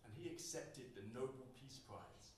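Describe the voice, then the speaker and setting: A young man from the UK delivers rhythmic, dryly funny spoken word poetry, moving his emphasis around as he goes. He speaks at a moderate pace in a medium pitch with lively intonation. It's a live poetry night in a spacious venue, captured by a distant mic in heavy echo with slight hiss or hum.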